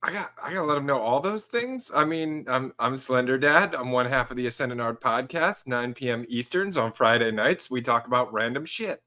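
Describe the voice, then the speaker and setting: A man's voice: medium pitch, animated, normal speed, few pauses, sharp tone. A man who co-hosts his own podcast, a guest on a casual panel, talking in a wry, rambling, mock-timid way.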